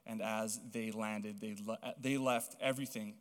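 A young man from Hawaii preaching a sermon, telling stories in a chatty, animated way full of casual fillers. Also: lowish voice, a little slow, few pauses, clear, resonant tone. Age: young adult. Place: church auditorium. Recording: long reverb of a large hall.

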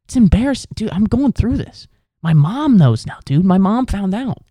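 A man's voice: high voice, big pitch swings, moderate pace, dark tone, dry recording, studio quality, pitched above the performer's own voice. A man doing an outraged swearing koala. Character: indignant koala, betrayed and embarrassed.

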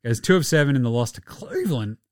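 A man hosting a casual sports podcast, animated and jokey, swearing freely. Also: mid-range voice, fast talker, no room sound, studio quality. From Australia. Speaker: podcast host.

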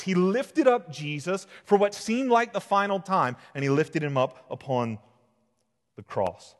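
A man in his thirties preaching a sermon as pastor, earnest and emphatic, rising to strong peaks and dropping to hushed lows. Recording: long reverb of a large hall.

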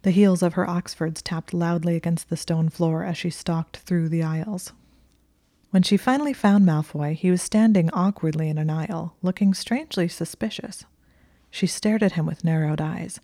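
A woman narrating an audiobook reading of fan fiction in a wry, expressive way. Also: on the low side, moderate pace, vocal fry, dry recording, clean studio sound.

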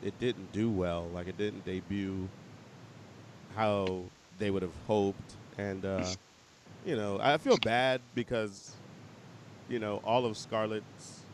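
A man's voice: fairly low pitch, steady tone, slow pace, slight background noise, poor audio. Laid-back man chatting on a podcast. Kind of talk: casual chat.

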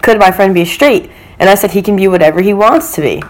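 Talking fast at a medium pitch, this young podcast co-host retells dating-app messages with a laugh. The show is casual, and she comes across as chatty, laughing at her own anecdotes.

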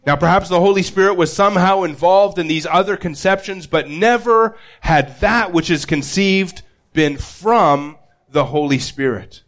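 Earnest pastor preaching, slightly higher voice. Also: male voice, a bit bright. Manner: earnest, repeats words when restarting, slows to stress key phrases. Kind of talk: sermon.

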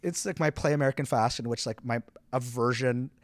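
A man from Canada, a theatremaker guest, talking casually in an interview as an animated storyteller who says "like" a lot and laughs often. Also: mid-range voice, fairly quick, dry recording.

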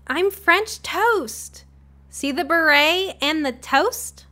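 A woman's voice: high voice, expressive, very slow, sharp tone, pitched above the performer's own voice, heavily acted. A woman reading aloud and voicing a goofy teenage girl who drags out her playful lines. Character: goofy teen girl in a pun costume.

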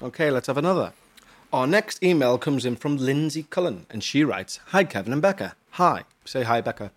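A man's voice: medium pitch, lively intonation, normal speed. Man, podcast co-host, casual, reads emails aloud, jokey, self-mocking. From Huyton, Merseyside, England.

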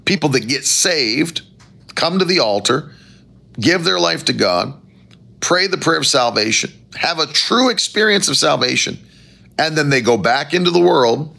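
Male pastor preaching, gravelly voice, lively pitch, bright forceful tone. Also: a little slow. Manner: animated preaching with rising emphatic phrases. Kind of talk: sermon.

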